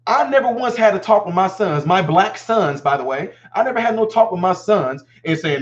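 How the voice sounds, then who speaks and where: A man's voice: extremely high pitch, expressive, muffled recording. A man in his forties hosting a live call-in show, talking emphatically and acting out quoted lines. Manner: fast, emphatic, acts out quotes. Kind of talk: animated call-in talk.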